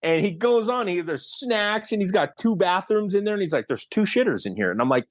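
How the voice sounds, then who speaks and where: A man's voice: high-pitched, a little fast. A man from Canada, a guest actor and filmmaker, telling stories in a casual podcast interview, acting out quoted lines and laughing often. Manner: animated storyteller who acts out quoted lines and laughs often.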